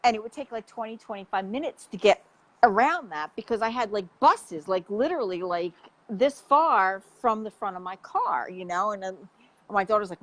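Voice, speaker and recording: Woman health coach in casual conversation; animated, chatty storyteller with an average-pitched voice. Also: moderate pace, poor audio.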